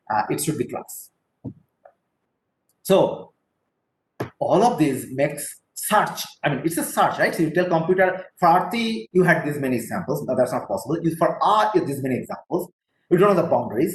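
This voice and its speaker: A man's voice: a little high, slight background noise. Man lecturing with a roomy echo. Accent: Indian English. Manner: explanatory, checks in often with "right?". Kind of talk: technical lecture. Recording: roomy echo with faint ambience.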